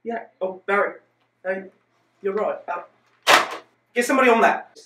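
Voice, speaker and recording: A man's voice: sits high, moderate pace, very noisy, close to an everyday voice. A man voicing a pompous, boastful male elk king who rambles and bosses his staff around in a comic monologue. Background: faint background music.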